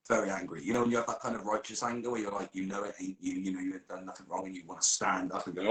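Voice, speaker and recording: A man's voice: sits low, rapid-fire, hardly any pauses, fairly bright tone, echoey room, rough recording. A man telling a comic story during role-play, swearing a lot and laughing as he goes.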